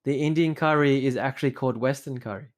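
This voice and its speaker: A man's voice: mid-range voice, fast talker. A man co-hosting a podcast in casual chat, easygoing, with lots of fillers and restarts. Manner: easygoing, full of fillers and repeated starts. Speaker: podcast co-host.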